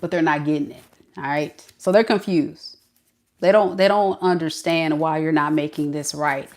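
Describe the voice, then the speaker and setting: A woman giving an animated tarot reading, often laughing and acting out what the other person is thinking. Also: low-pitched, moderate pace. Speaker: tarot reader.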